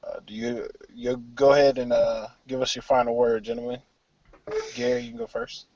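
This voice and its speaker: A man's voice: mid-range voice, big pitch swings, normal speed, gravelly, a little mellow, lo-fi sound. A man hosting a casual hip hop podcast, laid-back and slangy, talking over an online call from outdoors behind a store. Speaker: podcast host.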